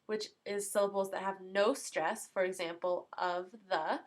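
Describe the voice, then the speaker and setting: A woman's voice: medium pitch, steady tone, a little slow. Young woman explaining stuff step by step, lesson-style, gives examples for each term. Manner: clear, list-like explaining with examples. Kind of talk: educational explainer.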